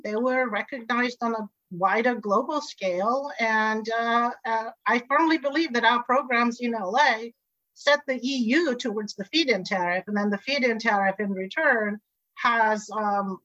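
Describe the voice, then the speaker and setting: A middle-aged woman speaks as an interview guest, lively and enthusiastic as she recounts her work. Her voice sits a little high. The recording sounds muffled and lo-fi. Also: no room sound. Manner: enthusiastic, lively storyteller with frequent laughs. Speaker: interview guest, energy executive. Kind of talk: conversational interview. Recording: dull lo-fi recording.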